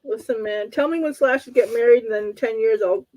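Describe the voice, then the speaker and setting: A woman's voice: on the high side, fast talker, a little mellow, poor audio. A woman hosting a casual live-stream talk show, blunt and teasing with emphatic points.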